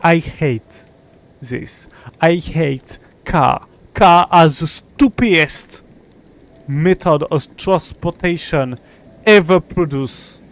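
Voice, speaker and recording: A man's voice: fairly high pitch, lively intonation, takes it slowly, no room sound. A young man, an English speaker, chatting frustratedly and swearing on a live game stream. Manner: frustrated, swearing, muttering to himself. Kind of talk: live gameplay stream chat.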